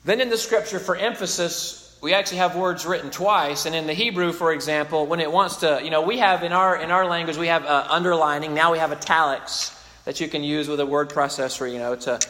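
Guy preaching a sermon, kinda high voice, earnest, keeps restarting, big echoey church hall. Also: fairly quick, bright, forceful tone. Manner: earnest, emphatic, with frequent restarts. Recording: long reverb of a large hall.

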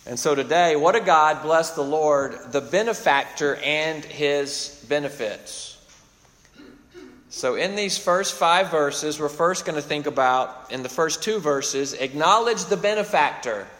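A man's voice: a little high, unhurried, a bit bright, long reverb tail. A man preaching a sermon, expounding scripture with emphatic swells and sudden drops in volume. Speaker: pastor.

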